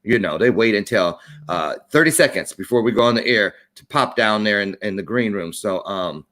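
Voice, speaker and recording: A man's voice: fairly low pitch, expressive, normal speed, fairly bright tone. A middle-aged man hosting a live-streamed talk show, chatty and playful with jokey asides.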